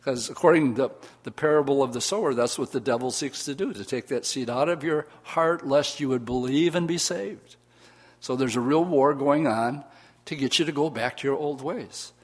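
A man's voice: mid-range voice, moderate pace, breathy edge. A man, a pastor, preaching a sermon to a congregation, reading scripture aloud and calling for responses. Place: church.

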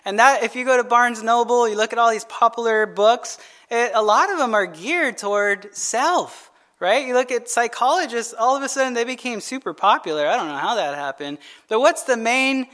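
A man's voice: very high-pitched, expressive, moderate pace, fairly bright tone. A male pastor preaching a midweek sermon in a loose conversational way, asking "right?" over and over and adding jokey asides to the congregation.

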